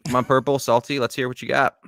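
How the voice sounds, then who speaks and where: A man's voice: mid-range voice, little pitch movement, quick pace, creaky, a bit bright. A man co-hosting a livestream, egging on the panel and joking in casual banter. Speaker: co-host.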